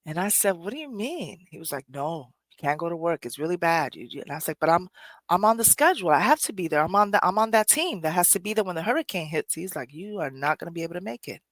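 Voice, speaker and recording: A woman's voice: on the low side, lively intonation, fast, no echo. A woman host with a New York Puerto Rican accent, telling a personal story emphatically and repeating phrases. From Puerto Rico. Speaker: poetry podcast host.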